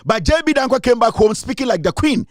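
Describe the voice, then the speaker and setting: Ghanaian male commentator, high-pitched, heated and scornful, close dry mic. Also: expressive, fast, no echo. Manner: heated, scornful, repetitive, switching into Twi. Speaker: political commentator. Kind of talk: impassioned political monologue.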